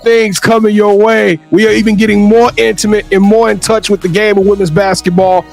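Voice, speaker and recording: A man co-hosting a podcast, talking in a loud, sing-song, hype style and shouting praise at his guest. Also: high voice, flat delivery, brisk, gravelly, faint music behind. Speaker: podcast co-host. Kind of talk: hyped podcast outro.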